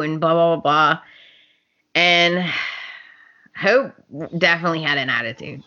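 Bright-voiced woman podcaster, lo-fi. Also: lowish voice, slow, pauses often. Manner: animated, acts out characters' lines. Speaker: podcast co-host. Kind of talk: casual chat recapping a soap opera. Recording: slightly dull lo-fi podcast audio.

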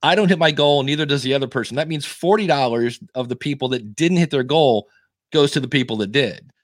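A man's voice: medium pitch, a little fast, no echo, clean studio sound. A man explaining things practically as a guest in a casual podcast conversation. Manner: explanatory, animated, practical advice.

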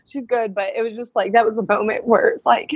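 A woman's voice: a little high, fairly even intonation, fast, husky, dry recording. Emotional, chatty woman guest. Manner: emotional, laughing storyteller, many fillers. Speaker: guest, wrestler. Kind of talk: casual interview chat.

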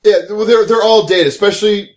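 A man's voice: high-pitched, a little fast, a little mellow. A man co-hosting a podcast in casual, laid-back chat, swearing freely and laughing often. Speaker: podcast co-host.

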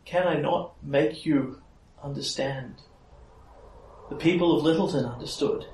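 A man's voice: on the high side, unhurried, a little mellow, slight background noise, voice pushed up, natural voice. A man voicing a sorrowful, regal fae queen who speaks solemnly and pleads. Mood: sorrowful, pleading. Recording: echoey room, mic at a distance.

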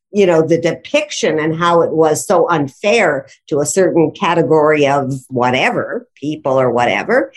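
Animated woman explaining grammar. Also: low-pitched, breathy edge. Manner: animated, enthusiastic, laughs often. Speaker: grammar and writing instructor, guest. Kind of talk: conversational explanation.

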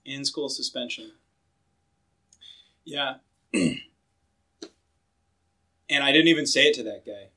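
A man's voice: medium pitch, takes it slowly, pauses often. A young man co-hosting a podcast, chatting casually and animatedly, acting out quotes and saying "like" a lot. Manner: animated, acts out quoted voices, filler-heavy. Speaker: podcast co-host.

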